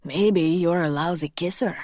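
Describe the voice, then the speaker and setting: A woman's voice: fairly low pitch, unhurried, darkish tone, no room sound, clean studio sound. A woman voicing a cocky young male shapeshifter who teases his friend in joking, slangy banter.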